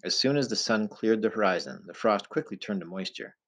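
A man reading a novel aloud in the first person, in a measured, low-key storytelling manner. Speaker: audiobook narrator.

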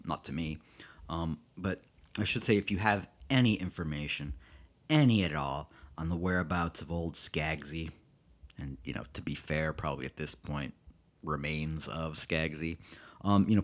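A man giving a halting, offhand mock tribute with lots of fillers. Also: low-pitched. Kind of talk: mock tribute comedy bit.

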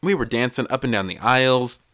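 A man's voice: medium pitch, a little fast, a bit bright. A man co-hosting a casual podcast chat in a laid-back, teasing way. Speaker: podcast co-host.

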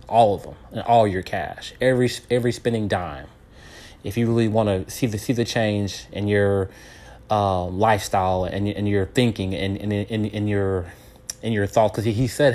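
A man in his late thirties talks in a casual, animated monologue. His voice sits somewhat low, and he stumbles and repeats words as he tells a story. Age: 30s. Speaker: advice talker.

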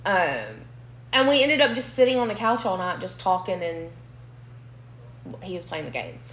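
A woman's voice: on the low side, moderate pace. Young woman, podcast co-host, blunt and profane storyteller; roomy echo on the mic. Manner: blunt, swears freely, animated storytelling. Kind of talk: casual storytelling chat. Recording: echoey room.

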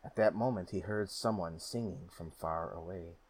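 A man narrating a folk tale in a steady, measured storybook reading. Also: sits low, breathy edge, dry recording.

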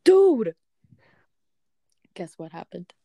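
This woman talks very slowly in a creaky, medium-pitched voice, recorded with no echo. She's chatting with a friend, animatedly telling stories and acting out people's texts and words.

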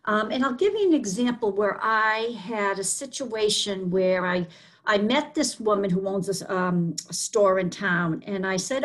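A woman's voice: medium pitch, unhurried. Earnest Boston woman explaining. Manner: earnest, explanatory, many fillers. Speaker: author guest. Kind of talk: interview conversation.

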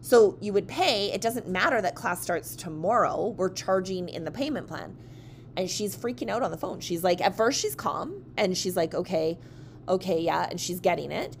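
A woman's voice: mid-range voice, moderate pace, slight background noise. A woman who owns a dance studio, telling a story in a casual chat and acting out the voices of the people she quotes. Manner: animated, acts out quoted voices.

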